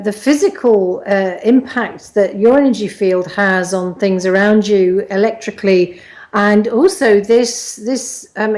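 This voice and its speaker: Woman, interviewer, halting questions, hesitant. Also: mid-range voice, darkish tone.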